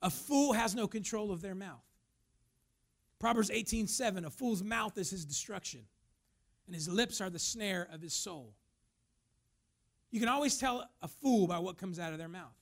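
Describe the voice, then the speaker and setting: A man's voice: high-pitched, normal speed, gravelly, pauses often. A man preaching a sermon as pastor, emphatic, now and then acting out the voices of the people he talks about.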